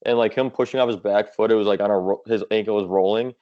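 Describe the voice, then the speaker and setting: A man chatting casually on a podcast, relaxed and rambling, with lots of fillers. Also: on the low side, quick pace, muffled recording. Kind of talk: casual chat.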